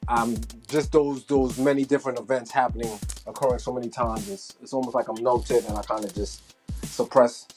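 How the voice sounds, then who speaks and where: An adult speaking in a casual group discussion, talking quietly and reflectively about experiences they have tried to put behind them. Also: medium pitch, fairly even intonation, brisk, faint music behind. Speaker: panel guest.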